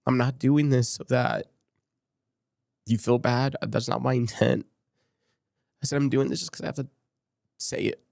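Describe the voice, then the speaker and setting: Speaking at a moderate pace with fairly even intonation, this Las Vegas man has a creaky, darkish mid-range voice and pauses often. As a podcast guest he tells a frank personal story, recreating old conversations as dialogue, at times choking up. The recording is clean studio audio without room sound.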